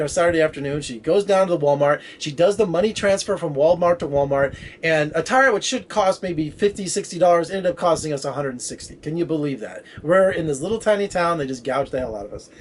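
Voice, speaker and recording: A man talking quickly and with energy, telling a rambling story. His voice sits a little high, and he slips into the voices of the people he talks about. A faint hiss runs under the recording. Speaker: film critic vlogger. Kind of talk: casual storytelling. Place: Las Vegas area.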